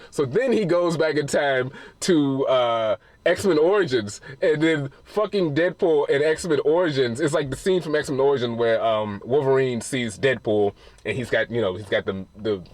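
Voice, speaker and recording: A man's voice: medium pitch, normal speed, dry recording. A man giving a casual, rambling spoiler review of a film, retelling scenes with plenty of swearing.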